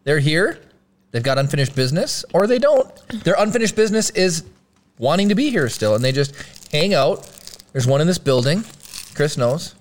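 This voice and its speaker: A man's voice: on the high side, very animated, normal speed. A man hosting a casual livestream, playful and laughing a lot with his co-hosts. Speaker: host.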